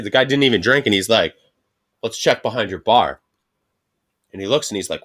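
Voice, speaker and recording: A man's voice: fairly low pitch, animated, a little fast, pauses often, a bit bright. A man co-hosting a casual podcast chat, telling stories and acting out what his coworkers said, swearing often. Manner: storytelling, acts out quoted coworkers, profane. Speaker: podcast co-host.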